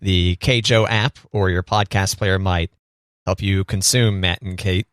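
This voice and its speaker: A man's voice: sits low, fairly even intonation, a little slow, a bit bright, no echo. A man co-hosting a radio show, trading jokes and mock-sentimental asides in casual banter.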